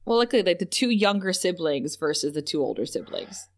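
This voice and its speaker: Going through a TV episode scene by scene on a casual podcast she co-hosts, this woman laughs easily and throws herself into quoting characters in playful, exaggerated voices. She speaks a little fast with an animated, lowish voice.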